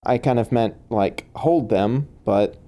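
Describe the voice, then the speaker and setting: A man voicing a kindly older woman who runs an orphanage, talking in a weary, soft-spoken way over a home chat mic. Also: mid-range voice, slow pace, natural voice.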